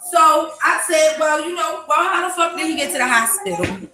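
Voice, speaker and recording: A young woman telling a loud, brash, profane story in a casual vlog at home. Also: sits high, lively intonation, normal speed, soft background music. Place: home with children nearby. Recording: echoey room, faint noise.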